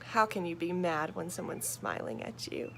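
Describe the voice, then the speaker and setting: A woman reading a children's story aloud and talking gently to young listeners. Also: on the low side, moderate pace, gravelly, a little hiss or hum.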